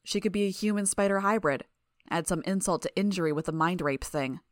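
A woman's voice: lowish voice, brisk, dry recording, natural voice. A woman voicing a sardonic young man in a fan audiobook, teasing in a dry, lazy way. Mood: mocking.

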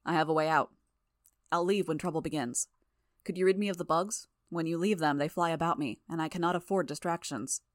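Woman playing a composed, formal male madman; measured and polite, deeper than her own voice, close and dry. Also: dry recording, close to an everyday voice. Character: calm formal male cape, self-professed madman.

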